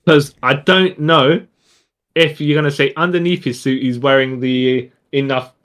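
Chatty male co-host, mid pitch, rambling delivery. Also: fairly even intonation, measured pace, a bit bright. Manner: rambling, restarts a lot, says yeah often. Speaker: podcast co-host. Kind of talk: casual chat.

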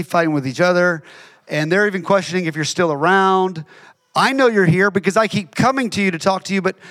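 High-voiced man preaching conversationally. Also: fairly bright tone. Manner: conversational, emphatic with repeated phrases. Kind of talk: sermon.

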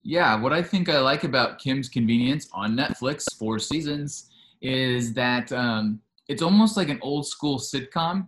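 A man's voice: mid-range voice, lively intonation, a little slow, fairly bright tone. A man hosting a podcast, talking in a casual, chatty way and eagerly retelling scenes at length. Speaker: podcast host.

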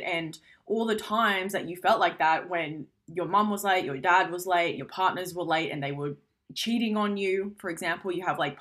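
A woman's voice: lowish voice, a bit bright. A woman giving a casual self-help talk, speaking frankly and conversationally, swearing now and then.

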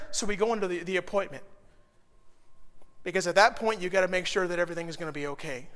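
A middle-aged man pastor preaching a sermon, telling a personal story with emotion that swells to loud, intense peaks. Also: high voice, expressive, brisk, in a large hall.

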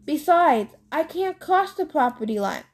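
A woman's voice: sits high, animated, unhurried, darkish tone, pitched above the performer's own voice. A woman reading aloud and voicing a frightened mother urging her son to run, tense and insistent. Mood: urgent. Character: fearful, protective mother.

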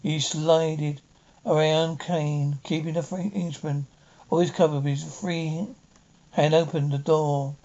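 A man reading a short story aloud with dramatic pauses. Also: on the high side, flat delivery, darkish tone, dull audio. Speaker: audiobook reader. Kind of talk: storybook narration.

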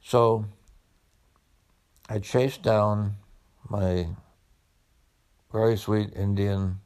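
A man's voice: on the low side, fairly even intonation, drawn-out words, a little mellow. A man who was once a police officer tells his own story about studying for medical school, in a reflective, conversational way. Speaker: former police officer turned medical student. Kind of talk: personal storytelling.

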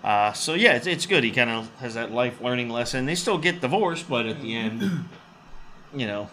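Sharp-toned easygoing man. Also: medium pitch, lively intonation, moderate pace, slight background noise. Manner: easygoing, agreeing, acting out quotes. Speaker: podcast co-host. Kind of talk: casual movie chat.

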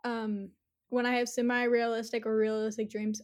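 A young woman chatting casually, retelling a dream in an animated, giggly way with lots of fillers. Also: a little high, normal speed.

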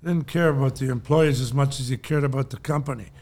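Older man with a gravelly voice. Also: mid-range voice, fairly even intonation, fast talker, darkish tone. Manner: rambling anecdotes, frequent chuckles. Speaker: podcast co-host. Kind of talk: casual storytelling chat.

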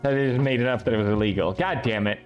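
A man's voice: mid-range voice, very fast, dull audio, faint music behind. A young man from Sweden, giving casual, sarcastic and profane reaction commentary as a video host.

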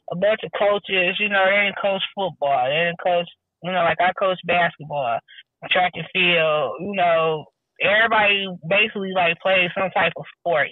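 A woman chatting casually and telling animated stories, acting out the people she quotes and swearing freely. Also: medium pitch, no echo. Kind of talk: casual chat. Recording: tinny phone-like sound, dry.

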